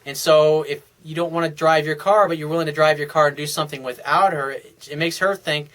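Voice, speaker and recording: A man's voice: a little high, fairly even intonation, brisk, a bit bright. A man talking as a dating coach, giving casual advice in a blunt, frank and profane way, often restarting his sentences.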